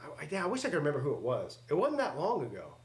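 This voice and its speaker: A man's voice: a little high, huge pitch swings, quick pace. A man hosting a live watch-party stream, joking crudely, commenting on the game and reading chat aloud.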